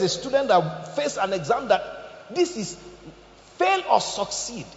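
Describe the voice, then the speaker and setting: A man preaching a sermon as pastor, emphatic and joking, swinging between loud bursts and quiet asides. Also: sits high, sing-song, moderate pace. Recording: echoey hall, slightly dull sound.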